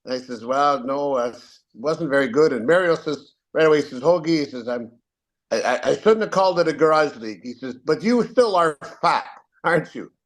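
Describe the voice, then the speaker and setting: A man's voice: medium pitch, brisk. An older Canadian man, a retired referee, telling rambling anecdotes with many fillers and restarts. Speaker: guest, retired hockey referee. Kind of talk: casual storytelling.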